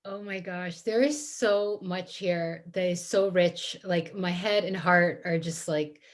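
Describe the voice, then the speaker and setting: Brief: lower-pitched woman author, effusive, halting with fillers, on a video call. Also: fairly even intonation. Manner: warm, effusive, many fillers and restarts. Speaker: author and guest speaker. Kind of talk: casual event talk.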